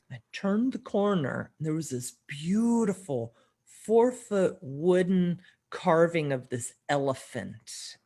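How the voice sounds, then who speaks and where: A middle-aged woman appearing as a podcast guest tells a personal story in a deep, darkish voice with vocal fry. She acts out the dialogue, often changing her voice for quoted lines, and laughs now and then.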